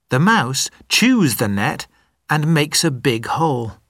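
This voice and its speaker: A narrator reads a children's story for language learners, slowly and very clearly. The voice moves in lively, expressive ups and downs, and each word gets its own space. The sound is dry and close to the mic. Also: medium pitch, no echo. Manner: very clear, deliberate reading for learners. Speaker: narrator of an English learners' reader. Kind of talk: slow scripted storybook narration.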